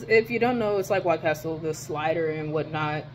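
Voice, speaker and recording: A young woman telling a rant in a casual vlog from her dorm, animated and profane, her voice jumping high when she exclaims. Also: normal speed, slight background noise. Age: young adult. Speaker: vlogger.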